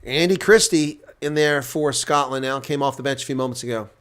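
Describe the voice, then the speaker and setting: A man giving live reaction play-by-play commentary on a rugby match, getting loud on big plays and dropping to quiet asides. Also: medium pitch, a little fast.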